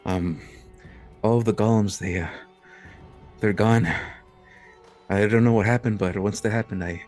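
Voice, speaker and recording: A man voicing a weary, flustered old man who rambles in halting, hesitant sentences. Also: on the low side, steady tone, darkish tone, soft background music, close to an everyday voice.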